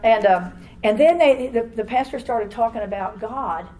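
An older woman giving a rambling, animated personal testimony to a church congregation, laughing often as she tells her story. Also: a little high, moderate pace, poor audio.

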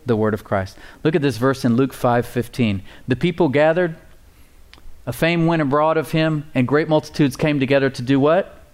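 At a moderate pace, a pastor with a mid-range, darkish voice delivers a sermon in church to a congregation that responds. His manner is emphatic and casual, marked by repeated key words, requests for amens, fillers, and folksy asides.

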